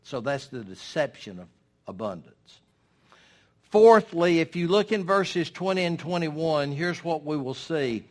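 A man's voice: a little high, expressive, measured pace, a little mellow. Folksy emphatic older male preacher. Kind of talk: sermon.

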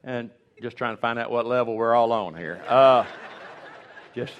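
An older man in his sixties telling stories from the pulpit, folksy and joking. He rambles and circles back on himself, a self-styled humorist with an everyday, medium-pitched voice. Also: normal speed, smooth, lo-fi sound. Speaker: preacher. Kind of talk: humorous storytelling sermon.

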